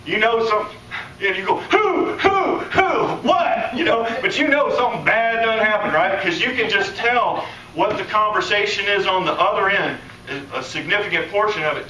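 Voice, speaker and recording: Animated high-voiced man preaching in a hall. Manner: animated, acts out quoted voices, laughs. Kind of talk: conference sermon. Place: conference hall. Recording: echoey hall, distant mic, faint room noise.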